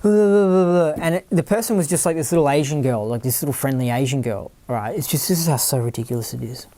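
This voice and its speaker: A podcast host talking in a casual, rambling monologue, full of "like" and repeated words, sometimes putting on a higher, worried voice to mimic others. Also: fairly quick, mellow, dry recording.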